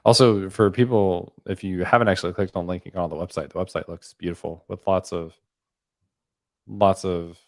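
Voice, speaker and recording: A man's voice: low voice, steady tone, normal speed, darkish tone, dry recording, clean studio sound. A man hosting a live stream, chatting casually and rambling with frequent "um"s and "like"s. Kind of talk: casual chat.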